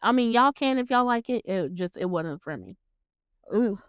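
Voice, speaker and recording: A woman chatting through a movie recap in a smooth, clear voice. She is casual and quick to laugh, and she swears freely. The sound is dry and close, with no room around it. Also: on the high side, expressive, no room sound, dull audio. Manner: chatty, laughs often, acts out the characters' lines. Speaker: podcast host recapping a movie. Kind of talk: casual chat.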